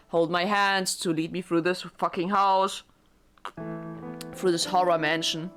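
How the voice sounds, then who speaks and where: Young woman let's-player, excitable, rambling, foul-mouthed, mid-pitched. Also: a little fast, soft background music. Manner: excitable, rambling, heavy swearing. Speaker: gaming YouTuber. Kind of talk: casual let's-play commentary.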